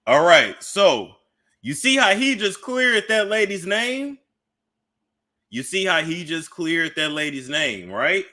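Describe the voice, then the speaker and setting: A man's voice: sits high, big pitch swings, slow, sharp tone. A man giving casual gossip commentary, chatty and asking his audience questions.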